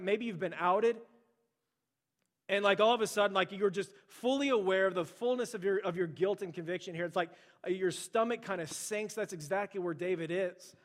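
High-voiced man preaching casually. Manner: conversational preaching, rising to forceful when quoting scripture. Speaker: pastor. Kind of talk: sermon.

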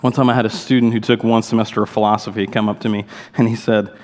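A man preaching a sermon as a pastor, emphatic and full of rhetorical questions and quick asides. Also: fairly low pitch, level tone. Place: church sanctuary. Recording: long hall reverb in a church sanctuary.

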